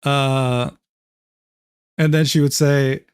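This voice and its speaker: A man's voice: medium pitch, little pitch movement, drawn-out words, clean tone, no room sound, clean studio sound. A man streaming and reading private messages aloud, talking casually, swearing freely and laughing often.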